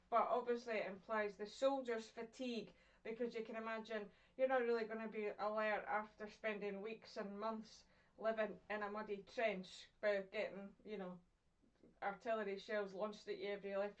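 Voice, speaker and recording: A Scottish woman, an English teacher, gives a chatty, encouraging online poetry lesson, asking questions and pausing for her pupils. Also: mid-range voice, far from the mic, poor audio.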